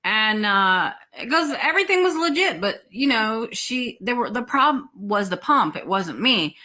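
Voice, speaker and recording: Lively, bright-voiced woman ranting bluntly. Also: on the high side, moderate pace. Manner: blunt, swears freely, animated. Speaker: vlogger. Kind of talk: casual storytelling rant.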